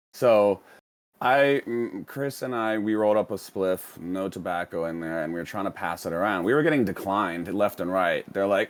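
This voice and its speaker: A man being interviewed as a guest, telling a long story casually, with many fillers and restarts. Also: lowish voice. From United States.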